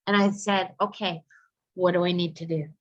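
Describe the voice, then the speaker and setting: A woman's voice: lowish voice, fairly even intonation, normal speed. Earnest woman telling her story, muffled. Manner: earnest, heartfelt retelling with many fillers. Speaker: psychic medium guest. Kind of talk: personal story told in an interview. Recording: slightly muffled lo-fi recording.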